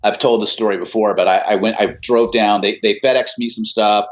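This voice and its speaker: A man's voice: on the low side, steady tone, brisk. A middle-aged man, a musician, telling rambling stories in a casual interview, full of fillers and restarts. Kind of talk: casual anecdotal storytelling. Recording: dull lo-fi audio.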